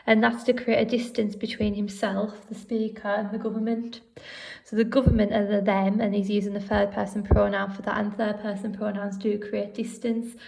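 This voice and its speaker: Woman teacher going through a poem, kinda gravelly, fairly monotone. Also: medium pitch, normal speed. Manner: explanatory, steady, with fillers. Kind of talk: recorded poetry analysis lesson.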